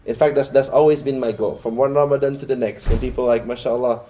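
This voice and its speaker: A man's voice: medium pitch, fairly even intonation, fast talker, dark tone, slight background noise. A man giving a Friday sermon in a mosque, talking informally and chattily, with personal asides to the congregation. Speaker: Friday preacher.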